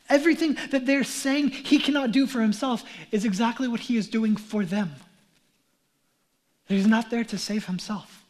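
A man preaching a sermon as pastor, acting out crowd voices and moving from hushed whispers to shouts. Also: extremely high pitch, normal speed. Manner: dramatic, acts out mocking crowd voices.

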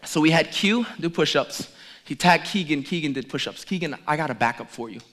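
A middle-aged man preaching as a pastor, joking playfully with the congregation during a lively demonstration. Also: on the high side, a little fast. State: out of breath at times. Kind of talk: lively sermon with audience demonstration.

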